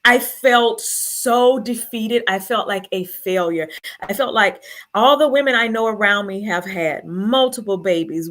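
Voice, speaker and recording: A woman's voice: mid-range voice, bright, forceful tone. A woman telling her own story to an audience, earnest and emotional, holding back tears. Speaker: speaker sharing her story.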